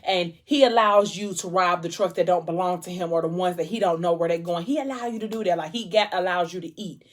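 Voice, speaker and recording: Animated woman retelling a story. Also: lowish voice, brisk. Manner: animated storytelling, acting out characters' lines. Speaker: vlogger. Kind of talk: casual mukbang chat retelling a novel. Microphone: camera mic.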